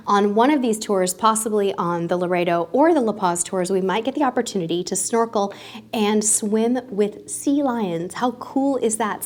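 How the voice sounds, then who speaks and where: A woman's voice: mid-range voice, a little mellow. A woman in her thirties, a travel vlogger, talking casually and cheerfully to her viewers with small self-corrections. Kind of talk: casual vlog talk to camera.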